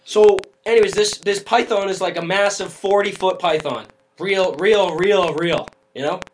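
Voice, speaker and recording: A man's voice: sits high, moderate pace, a little hiss or hum, low-quality recording. A man co-hosting a podcast, telling a rambling, joking story in casual chat. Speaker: podcast co-host.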